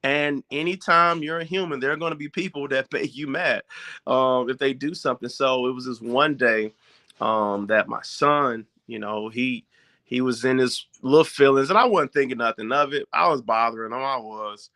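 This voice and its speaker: A man's voice: mid-range voice, normal speed, sharp tone. A man talking casually to viewers as a parent giving advice, informal and direct, often checking in with his listeners.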